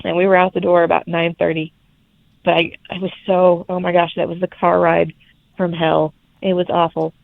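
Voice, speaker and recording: Young woman telling her story, gravelly voice, tinny call audio. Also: fairly low pitch, normal speed, dry recording. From Alabama, USA. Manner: lively storytelling with laughter. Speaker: podcast guest. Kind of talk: personal birth story, casual chat. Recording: tinny phone-like remote line.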